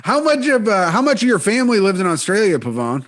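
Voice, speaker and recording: High-voiced joking podcast host, a man. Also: sing-song, quick pace. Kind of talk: casual chat.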